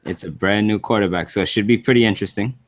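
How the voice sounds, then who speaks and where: A man with a fairly low voice co-hosting a laid-back podcast. He talks easily and laughs along with his friend. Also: fast talker. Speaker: podcast co-host. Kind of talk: casual chat.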